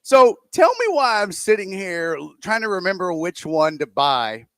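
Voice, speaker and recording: A male radio co-host with a high voice that leaps up and down, spinning a rambling story and acting out every quote. He sounds close and dry on a studio mic, with no room sound at all. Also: moderate pace, clean tone, dry recording. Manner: animated, rambling anecdote told with acted-out quotes. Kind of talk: casual storytelling on sports talk radio.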